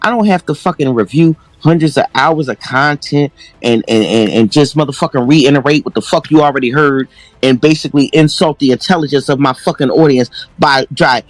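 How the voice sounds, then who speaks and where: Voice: medium pitch, brisk, no room sound. A livestream host giving brash, profane commentary in a campy, slangy way.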